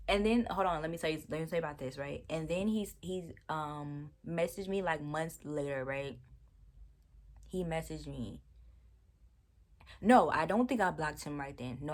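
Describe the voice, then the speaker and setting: A young woman talks straight to the camera, retelling a bad date with lively disbelief and plenty of slang. Her voice sits low for a woman, and she sounds casual and chatty the whole way through. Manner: animated, exasperated storytelling with slang. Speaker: vlogger. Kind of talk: casual storytime chat.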